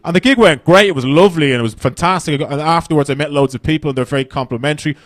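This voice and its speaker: A man's voice: fairly high pitch, rapid-fire, dry recording, clean studio sound. An Irish man doing stand-up comedy on a festival stage, brash and profane, rambling through his stories.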